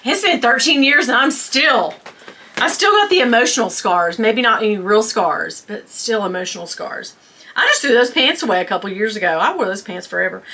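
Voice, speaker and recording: A woman, telling a story to camera in a casual, animated way, laughing often and acting out voices. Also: fairly high pitch, brisk. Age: 50s. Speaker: vlogger.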